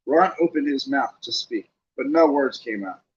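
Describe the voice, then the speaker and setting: Male home audiobook narrator; expressive, muffled sound. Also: medium pitch, moderate pace. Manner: lively reading with casual asides. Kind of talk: audiobook reading.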